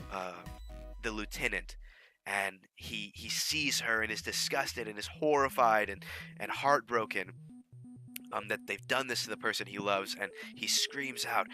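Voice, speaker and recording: A man's voice: on the low side, sharp tone. A man casually explaining how he made his fan audio drama, rambling with many fillers and restarts. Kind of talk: casual behind-the-scenes talk.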